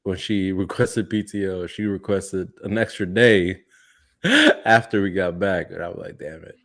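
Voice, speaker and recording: A man's voice: low voice, expressive, measured pace, a bit bright. A man in his thirties co-hosting a podcast, casual and laid-back, swearing often and laughing a lot. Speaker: podcast co-host. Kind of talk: casual chat.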